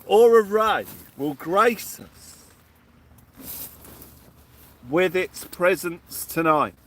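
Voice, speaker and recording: A man hosting a casual live stream from a beach at night, giving cheery shout-outs and telling jokey stories. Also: sits high, expressive, drawn-out words. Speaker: livestream host.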